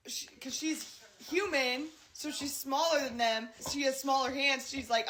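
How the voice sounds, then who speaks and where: Giggly high-voiced woman reviewing a book. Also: animated, normal speed, fairly bright tone. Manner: giggly, amused retelling. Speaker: book reviewer in a social clip. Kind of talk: casual book review video.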